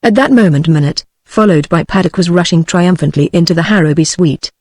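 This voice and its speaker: A text-to-speech voice of a woman with a British English accent, reading a novel aloud as an audiobook narrator in an even, steady delivery. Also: on the low side, a little fast, no echo, clean studio sound.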